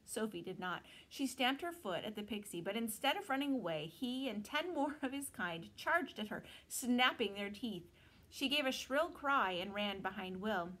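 A woman's voice: on the high side, moderate pace, rough recording. Woman teacher reading a novel aloud. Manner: expressive storytelling.

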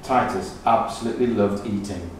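Male storybook reader, slow, expressive, distant mic, roomy echo, faint background hum. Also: lowish voice. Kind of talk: reading a picture book aloud. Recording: echoey room, distant mic.

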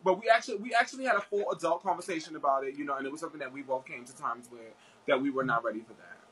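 A man's voice: a little high, very fast, pushed and bright, poor audio. A man chatting as a guest, telling a story in a rambling way with many fillers and restarts. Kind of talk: casual chat.

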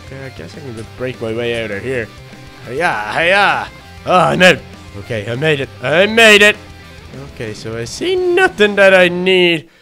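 A man voicing a timid, excitable young male baby duck in a game role-play, gasping and easily frightened. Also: on the high side. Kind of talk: Minecraft role-play narration.

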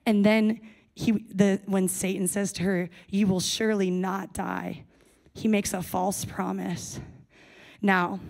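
A woman's voice: mid-range voice, a little mellow. A young adult woman giving a sermon to a young adults service, speaking casually and playfully with jokey asides.

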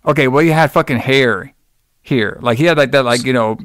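Male podcast host, smooth clear voice, dry close sound, loose rambling chat full of swearing. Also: mid-range voice, a little fast, fairly bright tone, no echo. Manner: rambling, laughing, swears freely.

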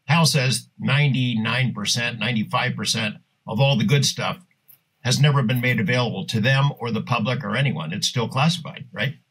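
A man's voice: medium pitch, moderate pace, fairly bright tone, husky, rough recording. A man hosting a podcast, recalling past conversations in casual chat with hesitant fillers.

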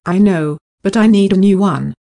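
Mellow woman reading practice dialogue. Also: mid-range voice, normal speed, gravelly. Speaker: dialogue reader for English practice.

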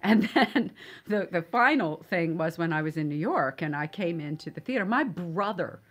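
Low-voiced woman telling stories. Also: expressive, moderate pace. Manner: anecdotal, laughing often. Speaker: actress guest. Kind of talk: storytelling interview.

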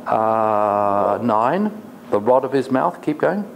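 A man's voice: medium pitch, expressive, slow, creaky, slight background noise. A man lecturing a college class, asking the students questions and paraphrasing the text for them. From Australia.

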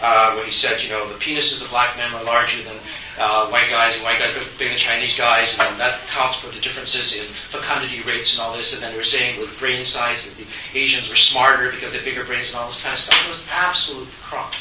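A middle-aged man, a panelist at a university forum, talking in an animated, joking, conversational way. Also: mid-range voice, fast talker, far from the mic. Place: university lecture hall. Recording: echoey hall from afar, faint hiss.

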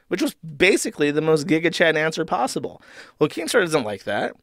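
A man's voice: on the high side, big pitch swings, a little fast, vocal fry, a bit bright, no room sound, clean studio sound. Sarcastic, profane male commentary host. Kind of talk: ranting online commentary.

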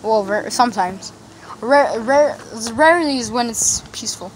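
This is a casual outdoor vlog by a woman whose voice is a little high and animated at normal speed, recorded with poor audio. She rambles with slang and lots of fillers into a phone camera facing her, in a yard near a road, with traffic and outdoor ambience audible.

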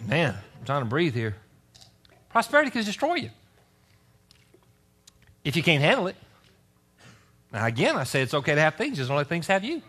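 Male pastor preaching a church sermon; bright, high, very lively voice with scripture readings and asides. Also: brisk, long pauses, breathy edge. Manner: animated preaching, reads scripture aloud with asides. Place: church service.

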